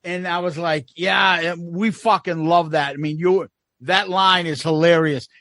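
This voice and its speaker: A man's voice: a little high, measured pace, no room sound, studio quality. A man co-hosting a podcast in casual chat, telling stories with a lot of swearing and acted-out quotes. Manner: animated storyteller, swears a lot. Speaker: podcast co-host.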